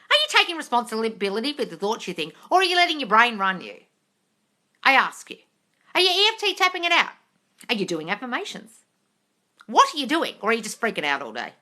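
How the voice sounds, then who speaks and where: A woman's voice: high voice, sharp tone. Blunt, swearing woman scolding viewers. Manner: reads viewer comments aloud. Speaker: manifesting coach answering live comments. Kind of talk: casual live-stream Q&A.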